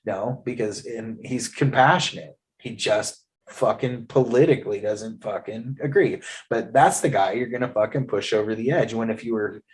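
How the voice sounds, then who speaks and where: A man in his thirties from Eastern Oregon, hosting a casual interview and telling stories bluntly with lots of swearing. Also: mid-range voice. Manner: blunt, heavy swearing, storytelling. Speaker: podcast host.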